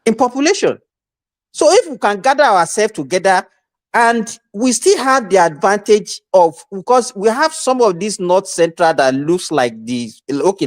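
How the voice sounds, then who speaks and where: A woman working through a political argument, often correcting herself as she goes. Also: mid-range voice. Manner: reasoning, self-correcting. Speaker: panelist. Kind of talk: political discussion.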